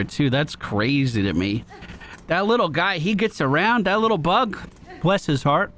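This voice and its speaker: A man casually commenting on his game run, chatty and excitable, thinking out loud and swearing now and then. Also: mid-range voice, slight background noise. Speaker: let's play streamer.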